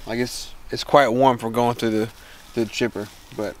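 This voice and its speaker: This Southern-accented man speaks at a medium pitch and moderate pace with fairly even intonation. He's outdoors in a yard, chatting in an enthusiastic, rambling vlog about his homestead with lots of restarts, while faint outdoor noise can be heard.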